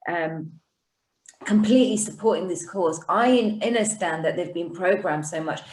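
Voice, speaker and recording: A woman speaking earnestly on a video call, often breaking off and starting her sentences again. Her voice sits low for a woman. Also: darkish tone, poor audio. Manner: earnest, halting, full of restarts. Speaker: guest. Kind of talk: emotional conversational speech.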